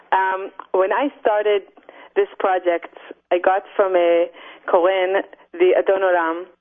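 A woman, a guest speaking hesitantly in a phone interview. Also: medium pitch. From Israel. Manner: soft-spoken, hesitant, many fillers. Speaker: illustrator guest. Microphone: telephone. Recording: tinny phone line.

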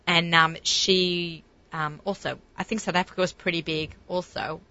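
A woman's voice: lowish voice, fairly even intonation, moderate pace, sharp tone, dry recording, muffled recording. A middle-aged woman hosting a radio talk show, chatting with enthusiasm and many fillers and restarts. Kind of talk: casual chat.

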